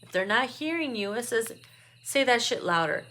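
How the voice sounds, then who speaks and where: A woman's voice: fairly high pitch, expressive, normal speed, fairly bright tone. Blunt, swearing woman reading cards. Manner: blunt and profane, laughs often. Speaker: tarot reader. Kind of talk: casual card reading.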